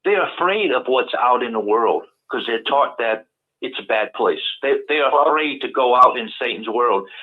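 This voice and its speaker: A man with a Cajun Southern accent, a guest on a call-in show, talking in halting bursts full of repeated words. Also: medium pitch, lively intonation. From Louisiana, US South. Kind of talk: casual call-in talk. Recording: tinny phone-line audio.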